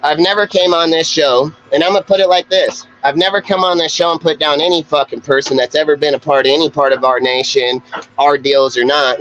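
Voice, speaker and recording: A man's voice: medium pitch, fairly bright tone, dull audio. A man hosting a live-stream show, ranting in an aggressive, profane, confrontational way. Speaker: livestream show host.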